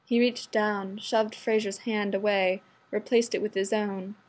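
A woman narrating adult fiction aloud in a steady, measured reading. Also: mid-range voice.

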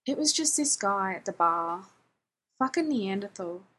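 A woman's voice: mid-range voice, expressive, measured pace, a bit bright, husky. A woman voicing a weary, bruised young man who mutters, trails off and jokes wryly. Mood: tired, sheepish.

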